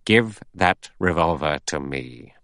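A man's voice: low-pitched, expressive, normal speed, a bit bright, no room sound, studio quality. A man voicing a cynical, menacing adventurer who speaks in a sneering, clipped way.

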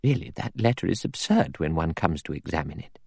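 A man's voice: extremely low pitch, sing-song, vocal fry, darkish tone, slightly rough, dry recording, full character voice. A man doing a prim, stern old spinster. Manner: dry, brisk and clipped. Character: stern elderly spinster, prim and self-righteous.

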